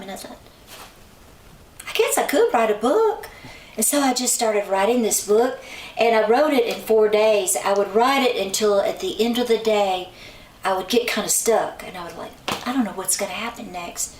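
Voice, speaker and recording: A woman tells her story in a chatty, relaxed way, slipping into lively voices whenever she quotes someone. She sits some way back from the mic in a roomy, echoing space, with a faint hiss underneath. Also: mid-range voice. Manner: chatty, acts out quoted people with lively shifts in voice. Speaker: songwriter and author guest. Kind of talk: casual storytelling in an interview. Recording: roomy sound from a distant mic, faint noise.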